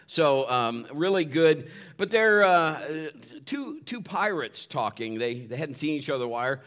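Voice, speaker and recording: A man's voice: fairly high pitch, sing-song, measured pace, fairly bright tone. A man pastor giving a folksy, joking sermon and church announcements on a live stream. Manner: folksy, upbeat, joking, with many restarts.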